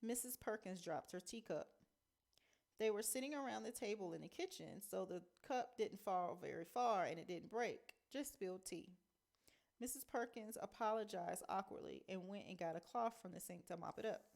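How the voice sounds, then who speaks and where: A woman teacher reading a novel aloud in a measured storytelling manner. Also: medium pitch, creaky, darkish tone.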